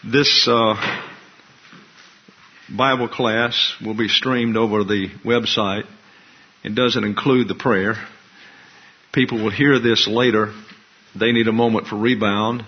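A man who teaches a Bible class as pastor, explaining Greek terms slowly and deliberately. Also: on the low side, fairly even intonation, slight background noise. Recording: dull lo-fi recording.

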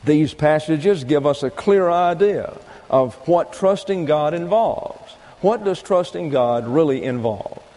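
A man's voice: fairly high pitch, lively intonation, warm tone, in a large hall, rough recording. A man preaching a sermon, teaching point by point and reading out scripture verses. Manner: deliberate teaching with numbered points and read-out verses. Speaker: pastor.

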